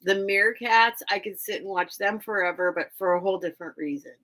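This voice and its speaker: A woman's voice: medium pitch, brisk, a bit bright. Lady doing a casual live sale stream from home, rambly and chatty, greeting viewers. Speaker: host of a live online vintage sale.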